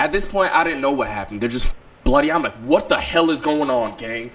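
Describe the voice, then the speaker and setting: A man telling a wild personal story to his stream in casual, profane slang, swinging from low mutters to loud outbursts. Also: lively intonation, normal speed.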